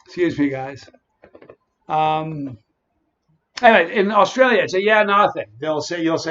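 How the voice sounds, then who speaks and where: A man's voice: a little high, measured pace, pauses often, a bit bright, dull audio. A man hosting a casual livestream, chatting and greeting viewers by name. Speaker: livestream host.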